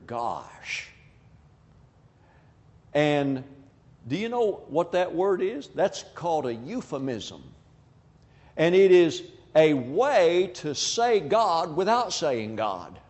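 A man's voice: on the high side, darkish tone. A man preaching a sermon, speaking emphatically and acting out quoted people as he makes his point. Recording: long hall reverb.

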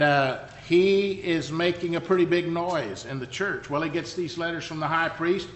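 Bright-voiced male preacher in a hall. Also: fairly high pitch. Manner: conversational, emphatic storytelling with asides. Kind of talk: sermon. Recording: echoey hall reverb.

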